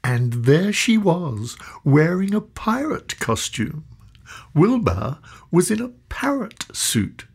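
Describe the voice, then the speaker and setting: A woman narrating a children's storybook in an expressive, slow storytelling manner. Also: on the low side.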